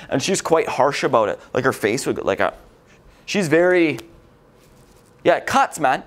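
A man's voice: medium pitch, very animated, measured pace, long pauses. A man lecturing a recovery group in a casual, rambling way, swearing freely and often. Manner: swears a lot, vulgar, rambling.

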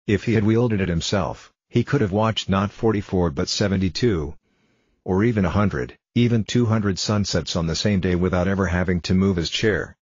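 Male storybook reader, calm and measured, deep husky voice, dull dry lo-fi recording. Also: no room sound. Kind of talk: reading a storybook aloud for English learners.

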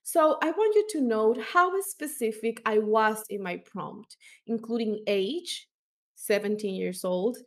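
A woman teaching as an instructor, explaining step by step with fillers and small self-corrections. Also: mid-range voice. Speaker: language instructor.

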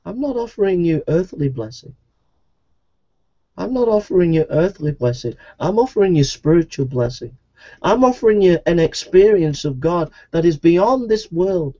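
A man's voice: high-pitched, animated, normal speed, warm tone, highs cut off. A man preaching a sermon in an earnest, repetitive evangelistic style.

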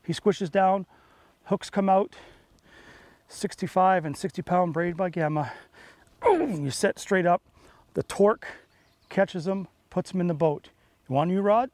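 A man hosting a fishing show from a boat on a lake, talking in punchy, excitable, salesy bursts. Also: sits high, unhurried, pauses often, no room sound. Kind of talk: on-the-water fishing commentary.

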